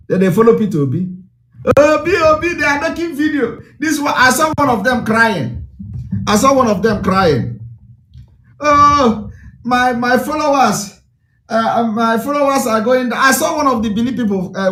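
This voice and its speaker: Fiery high-voiced Nigerian man. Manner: fiery, repetitive, declamatory. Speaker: political broadcaster. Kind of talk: impassioned broadcast address.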